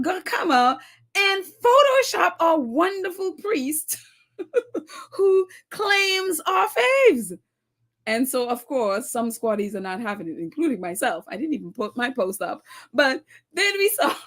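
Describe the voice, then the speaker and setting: A woman with a high voice hosts a casual commentary stream, reading out viewer comments. Her pitch swings widely and she breaks into laughter between lines. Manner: animated, laughs often, reads comments aloud. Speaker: commentary channel host.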